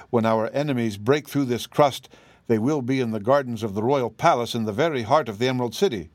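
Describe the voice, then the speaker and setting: A man reading an audiobook, voicing a kindly tin man emperor in a gentle, grave, measured way. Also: mid-range voice, no room sound, lightly acted.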